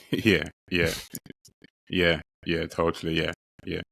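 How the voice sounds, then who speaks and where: A man's voice: sits low, flat delivery, slow, vocal fry, fairly bright tone. A male interview host giving short agreeing responses and asking questions. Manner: brief agreeing backchannels, laughs along. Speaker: podcast host. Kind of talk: conversational interview.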